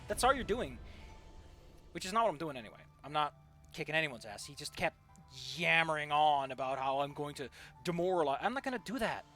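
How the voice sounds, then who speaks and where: A young male streamer chats over his gameplay in a sarcastic, ranting way, swearing freely. He talks very fast, in a fairly high voice. Faint music plays behind him. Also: sing-song, pushed and bright. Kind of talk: casual gaming stream chat.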